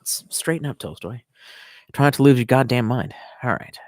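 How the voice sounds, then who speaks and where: A man's voice: medium pitch, expressive, moderate pace, dry recording, studio quality. A young man chatting casually on a live stream, reading comments aloud and rambling with lots of swearing while a bit tipsy from wine. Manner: rambling, profane, reads chat aloud.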